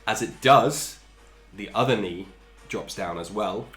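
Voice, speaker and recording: A man's voice: lowish voice, a little slow, a bit bright. A man narrating a tabletop game as game master, describing combat and often laughing as he talks. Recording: roomy echo with background music.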